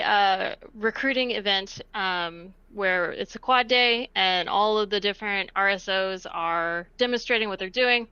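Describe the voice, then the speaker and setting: Bright, crisp woman telling a story. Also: mid-range voice, a little slow, hardly any pauses, dry recording, highs cut off. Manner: chatty, hesitant with many fillers. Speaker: podcast guest. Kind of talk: casual chat, storytelling.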